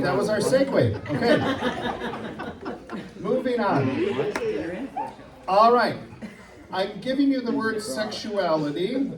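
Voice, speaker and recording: Wisconsin man leading a church workshop. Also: high voice. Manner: friendly, joking, checks in with "okay?". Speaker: workshop leader. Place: church room with a group. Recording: echoey room, mic far off.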